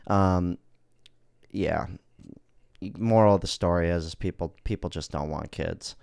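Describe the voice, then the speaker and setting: Low-voiced man, blunt podcast host. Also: measured pace, creaky, darkish tone, smooth, dry recording, clean studio sound. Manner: blunt, rambling, swears freely. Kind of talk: casual solo podcast talk.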